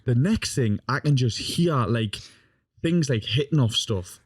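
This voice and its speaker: A man's voice: mid-range voice, animated, a little slow, husky, no room sound. A young man telling a rowdy story in casual podcast chat, swearing constantly and laughing as he goes. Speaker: podcast guest.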